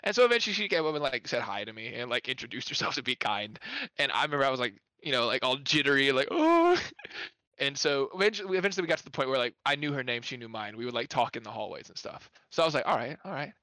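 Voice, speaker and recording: A man's voice: mid-range voice, lively intonation, rapid-fire, bright, forceful tone, no room sound. A young man telling stories in casual chat with friends, rambling with lots of "like" fillers and laughing as he goes. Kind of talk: casual storytelling among friends.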